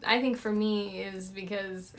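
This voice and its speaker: A woman's voice: medium pitch, steady tone, moderate pace, a bit bright. A woman hosting a casual chat, rambling and giggly, often trailing off mid-thought. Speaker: host.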